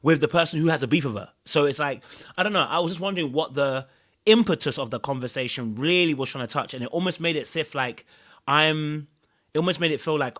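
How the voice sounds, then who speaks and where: A man talking quickly in casual podcast chat, recapping a reality-TV episode. He repeats himself and keeps turning to his listeners with rhetorical questions. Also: a little high, a bit bright. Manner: rapid, repetitive, rhetorical questions like "you know what I mean". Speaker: podcast co-host.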